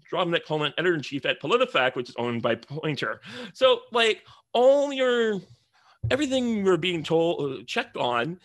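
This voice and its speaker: A man's voice: on the high side, fairly bright tone, no room sound. Rambling, sarcastic man with a dry sound. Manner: rambling, self-correcting, sarcastic asides. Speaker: vlogger reviewing a book. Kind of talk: casual commentary and reading aloud.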